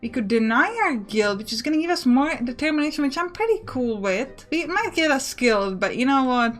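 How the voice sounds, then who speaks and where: A woman's voice: high voice, expressive, fairly quick, faint music behind. A woman hosting a let's play, reading the game text aloud and joking about her choices. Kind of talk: casual gameplay commentary.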